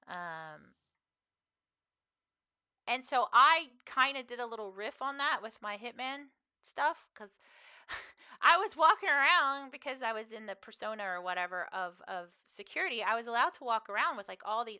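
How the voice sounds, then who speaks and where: A woman's voice: a little high, expressive, moderate pace, long pauses, sharp tone, smooth. A woman streamer chatting casually with her viewers while playing a game, in a rambling, chatty way. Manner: chatty and rambling, talking to chat. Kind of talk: casual chat while gaming.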